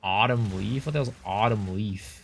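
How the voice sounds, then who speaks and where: A man's voice: lowish voice, normal speed, gravelly, a little hiss or hum. A man streaming a game, chatting casually with his viewers and giving loose, blunt opinions, with some swearing. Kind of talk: casual livestream chat while gaming.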